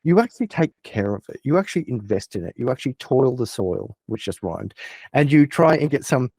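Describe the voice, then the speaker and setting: A man's voice: mid-range voice, very animated, fairly quick, gravelly, darkish tone, slightly rough, dry recording. A man as an interview guest, explaining ideas eagerly through hypothetical examples in casual chat.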